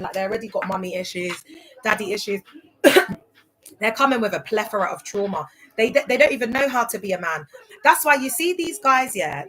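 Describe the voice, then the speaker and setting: A young woman talks straight to her livestream audience in a casual, emphatic way. She keeps asking whether listeners follow her, and her voice sits at an ordinary middle pitch for a woman. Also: fairly bright tone, poor audio. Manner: chatty, emphatic, keeps asking "do you get it?". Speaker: livestream host.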